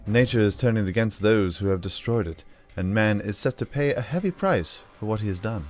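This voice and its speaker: A man's voice: fairly low pitch, lively intonation, a little fast, darkish tone, faint music behind, lightly acted. A man reading out a solemn male cult leader's prophecy in a slight put-on British accent.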